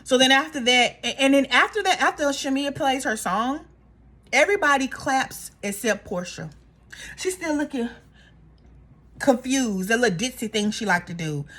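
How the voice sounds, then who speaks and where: A woman casually recapping a reality show in a gossipy, animated way, acting out the cast members' lines. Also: sits high, moderate pace.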